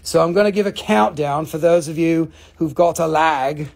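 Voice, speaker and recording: A woman hosting a live online rock and mineral sale, talking excitably with lots of cursing and quick countdowns. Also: low-pitched, gravelly. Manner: excitable, profane, rapid countdowns. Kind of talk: live online sales show.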